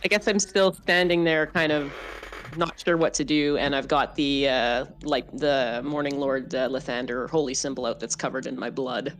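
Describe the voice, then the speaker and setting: A woman's voice: extremely low pitch, fairly even intonation, normal speed. A woman playing a tabletop game, casually describing her character with small hesitations. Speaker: player.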